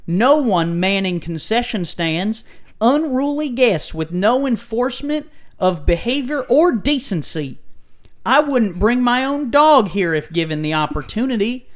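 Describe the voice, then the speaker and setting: A man's voice: high voice, very animated, unhurried, pitched above the performer's own voice. A man putting on an exaggerated Southern accent as an indignant woman reading out a complaint. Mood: outraged. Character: mock Southern woman reading an angry review.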